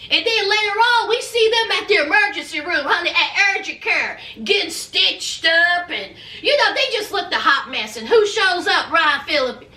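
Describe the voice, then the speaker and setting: A woman's voice: very high-pitched, pushed and bright. A woman giving a chatty, sassy show recap, calling her viewers honey and child. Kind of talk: casual gossipy recap. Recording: roomy echo, mic at a distance.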